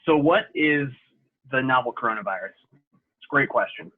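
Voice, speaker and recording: A young man talks through a virtual presentation in an easygoing, explanatory way, often pausing on "um" and "uh". His voice sits at an ordinary middle pitch. The call audio is thin and phone-like. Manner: relaxed, explanatory, frequent "um" and "uh". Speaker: sports medicine presenter. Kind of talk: virtual safety talk. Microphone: video call.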